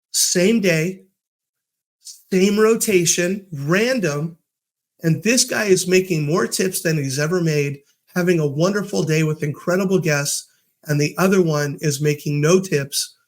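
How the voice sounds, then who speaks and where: A man hosting his own podcast, giving a casual, upbeat motivational talk and telling stories with fillers and restarts. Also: a little high. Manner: upbeat, storytelling with acted quotes. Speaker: podcast host.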